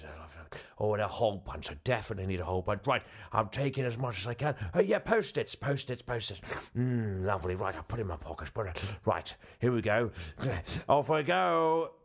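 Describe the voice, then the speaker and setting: A man's voice: fairly low pitch, gravelly, husky, exaggerated voice. A man impersonating a blustering, rambling prime minister in a comedy sketch, full of stammers and fillers. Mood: greedy, gleeful. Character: blustering disgraced male prime minister, middle-aged. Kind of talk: comedy sketch phone call.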